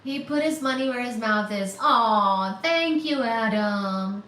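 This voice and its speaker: A woman hosting a casual livestream chat, gushing and excitable as she thanks viewers by name for donations. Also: fairly high pitch, measured pace. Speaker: livestream host. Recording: echoey room, mic at a distance, faint static.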